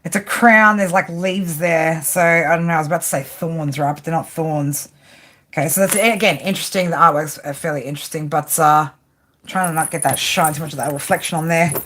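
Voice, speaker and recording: Low-voiced, chatty tarot reader. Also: female voice, steady tone, a little fast, fairly bright tone. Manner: chatty and rambling, swears casually. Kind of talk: casual livestream card reading. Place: home, at a table under a lamp.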